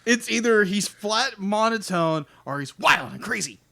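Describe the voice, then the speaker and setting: A man's voice: sits high, measured pace, vocal fry, no room sound. A man co-hosting a podcast, chatting casually and playfully about a movie with frequent laughter. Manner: playful, laughs often, lively swings. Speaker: podcast co-host. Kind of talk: casual movie review chat.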